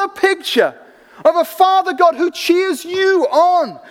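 A man preaching a sermon, telling stories with animated energy and acting out the people in them. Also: very high-pitched, slow. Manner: animated storytelling, acting out voices. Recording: long hall reverb.

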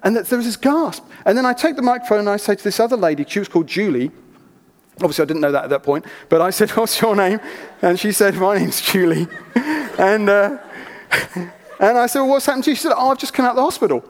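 A man preaching a sermon, telling stories in an animated, chatty way with asides. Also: sits high, fast. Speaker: pastor. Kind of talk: sermon with storytelling. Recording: reverberant church hall.

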